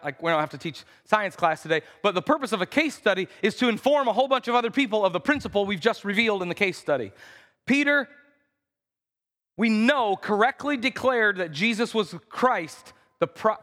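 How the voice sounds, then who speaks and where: A pastor preaching a conversational sermon in a church, acting out the quotes in voices. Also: male voice, high-pitched, lively intonation, fairly quick, pushed and bright. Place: church sanctuary. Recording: reverberant church hall.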